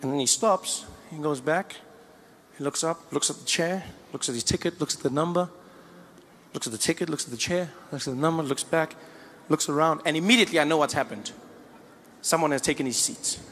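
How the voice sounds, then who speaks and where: Man, stand-up, fairly high voice, hall reverb, faint noise. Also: brisk. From South Africa. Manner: animated storytelling. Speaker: comedian. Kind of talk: stand-up comedy.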